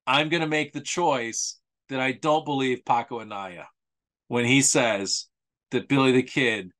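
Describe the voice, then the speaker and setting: A man's voice: mid-range voice, normal speed, a bit bright. A man presenting a history talk in a casual, sarcastic, conversational way, often repeating himself for emphasis. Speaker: author presenting a history series.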